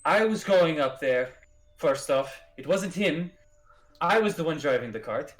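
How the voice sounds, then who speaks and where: A man voicing a male stranger with a crossbow who insists on his side of events, stammering and rushed. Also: on the high side, animated. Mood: insistent.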